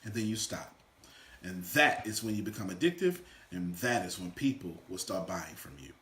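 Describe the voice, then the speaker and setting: Male motivational coach, animated and bright, lively pitch, echoey room. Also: normal speed. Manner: animated, swings from loud shouts to quiet asides. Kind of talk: energetic motivational teaching. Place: room with a small live audience.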